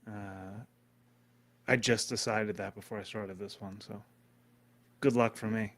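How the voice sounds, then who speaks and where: A man's voice: fairly low pitch, fairly even intonation, measured pace, vocal fry, a bit bright, no room sound. A man hosting a live stream, rambling in profane, casual commentary and talking to his chat. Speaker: streamer host.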